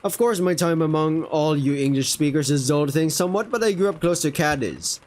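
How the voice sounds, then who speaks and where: A man's voice: on the high side, lively intonation, brisk, a little mellow, lightly acted. Boastful male falcon sailor, read by a man, friendly and a bit showy. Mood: chatty. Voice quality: friendly, show-off tone.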